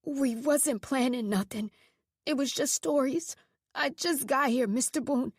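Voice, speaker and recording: A woman's voice: high-pitched, unhurried, breathy edge, no echo, clean studio sound. A woman voicing a nervous new boy at a reformatory who protests anxiously.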